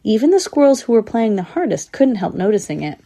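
A woman's voice: fairly high pitch, fairly quick. A woman narrating a storybook, giving each character its own voice. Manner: lively, voicing each squirrel.

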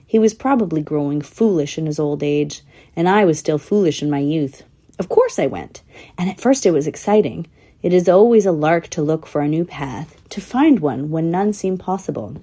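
A woman's voice: on the low side, warm tone. A woman voicing a young female squirrel telling her story in a matter-of-fact, thoughtful way.

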